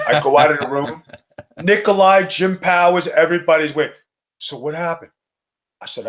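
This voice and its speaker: A middle-aged man from Staten Island, telling a profane, animated wrestling story in a casual chat. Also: fairly high pitch, normal speed. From Staten Island, New York. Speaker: co-host, former wrestler.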